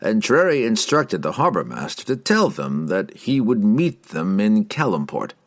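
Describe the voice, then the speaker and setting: A wry, eager wizard with a deep voice that rises and falls freely, as a male narrator puts him on. He speaks in a measured, storybook tone. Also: very animated.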